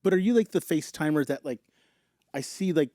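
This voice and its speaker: A man with a fairly high, mellow voice hosts a casual podcast chat. He asks questions and often restarts his sentences. The sound is dry and close. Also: expressive, fairly quick, no room sound. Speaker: podcast host.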